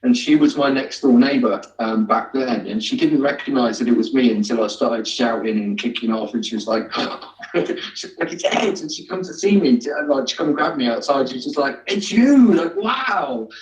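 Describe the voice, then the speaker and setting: Male guest, halting and hesitant, in an echoey room. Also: mid-range voice. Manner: halting, many fillers and restarts. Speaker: guest, amateur actor. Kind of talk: casual interview chat. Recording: echoey, distant, dull sound.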